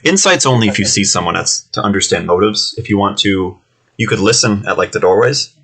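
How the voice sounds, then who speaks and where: A man's voice: lowish voice, expressive, brisk, fairly bright tone, breathy edge. A man narrating as game master of a tabletop game, loose and full of fillers.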